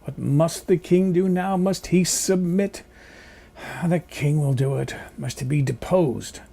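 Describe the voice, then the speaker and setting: A man reciting stage verse as a defeated king, in a slow, measured theatrical delivery. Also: a little high, vocal fry, mellow, exaggerated voice. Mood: resigned.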